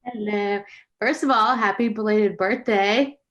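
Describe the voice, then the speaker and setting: A woman's voice: medium pitch, measured pace, fairly bright tone. A woman asking a question over a video call, friendly and polite. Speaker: caller. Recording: muffled video-call audio.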